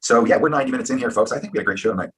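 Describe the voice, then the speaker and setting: A man's voice: mid-range voice, very fast, fairly bright tone, a little hiss or hum. A man hosting a live-stream round table, talking in a brash, rambling, fired-up way. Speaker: live show host.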